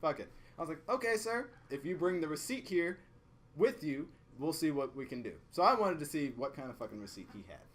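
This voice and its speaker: Animated young man telling a rant. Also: on the high side, a little fast. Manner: animated, profane, acts out both sides of the argument. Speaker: podcast co-host. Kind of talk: casual storytelling chat.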